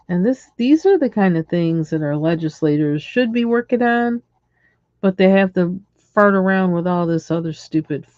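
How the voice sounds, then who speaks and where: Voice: mid-range voice, darkish tone, no echo, dull audio. A livestream host ranting casually and in exasperation while coloring, chuckling between lines.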